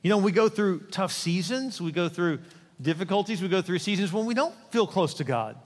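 A man's voice: sits high, expressive, brisk, big-room sound. Joking, conversational male pastor preaching. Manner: conversational, humorous, asks the congregation questions. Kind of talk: sermon. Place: church sanctuary.

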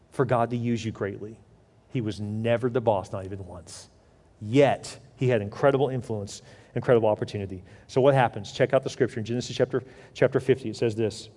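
A man preaching a sermon in an animated way, asking rhetorical questions and acting out quoted voices. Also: medium pitch, big-room sound. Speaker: pastor.

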